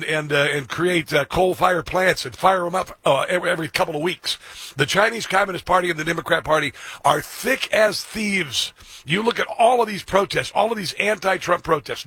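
A man's voice: on the high side, pushed and bright, husky, no echo. A man hosting a political talk radio show, rambling combatively with lots of fillers and restarts.

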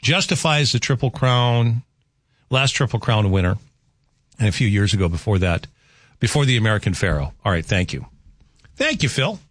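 A man's voice: fairly low pitch, big pitch swings, normal speed, long pauses, fairly bright tone, dry recording, studio quality. A man hosting a radio show, chatting casually and rambling with asides and restarts. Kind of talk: casual morning radio chat. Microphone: studio microphone.

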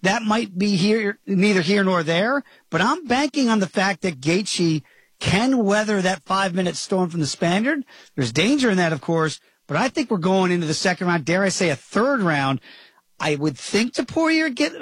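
A man with a fairly high, husky voice hosts a betting chat, lively and quick to joke. His voice is dry and close on the mic. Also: no echo. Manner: lively, jokey, does impressions. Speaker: podcast host. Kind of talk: casual podcast chat.

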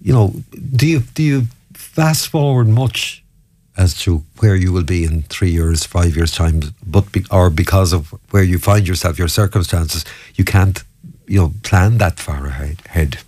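A man hosting an interview, asking questions in a halting, gentle way. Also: low-pitched. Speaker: interview host.

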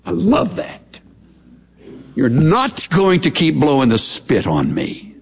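A man's voice: on the high side, wildly swooping pitch, slow pace, gravelly, slightly rough, in a large hall. A middle-aged male pastor preaching a sermon, telling stories in a playful, chuckling way. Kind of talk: sermon with humorous storytelling.

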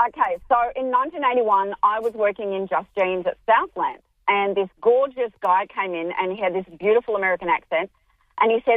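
Older Australian female caller, excited storyteller, heard over a thin phone line. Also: mid-range voice, brisk, no echo. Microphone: telephone.

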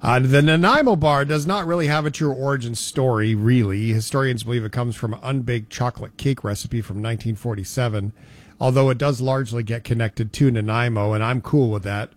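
A man's voice: mid-range voice, fairly quick. A man hosting a radio show, bantering casually in a playful, storytelling way.

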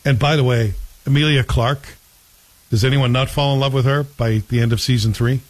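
A man's voice: medium pitch, fairly even intonation, normal speed, low-quality recording. A man hosting a casual chat, talking in a rambling, opinionated way with frequent restarts.

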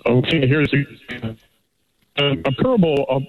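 A man's voice: medium pitch, unhurried, faint music behind. A man calling in to a radio show over a poor cell connection, speaking briefly and hurriedly. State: breaking up on a bad cell connection. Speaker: caller. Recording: dull, breaking-up cell phone line.

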